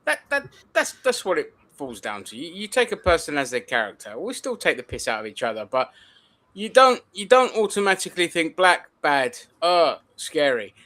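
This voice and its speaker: A man's voice: a little high, wildly swooping pitch, moderate pace, pushed and bright, dry recording. A man in a casual political discussion who talks bluntly and swears freely.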